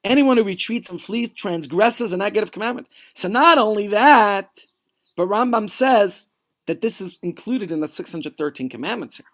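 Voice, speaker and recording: A man teaching a Torah lesson from home, speaking with lots of restarts, asides and vivid pictures. His voice swings widely, rising sharply for quoted commands and dropping low for his asides. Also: normal speed. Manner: animated storytelling with many restarts and asides.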